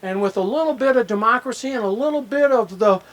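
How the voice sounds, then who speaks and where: A man's voice: very high-pitched, fast talker, a bit bright. An older man giving an anecdotal acceptance speech at an outdoor ceremony, rambling through stories and acting out the dialogue. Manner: rambling storyteller who acts out dialogue. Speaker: hall of fame inductee giving a speech. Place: outdoor ceremony at a disc golf course.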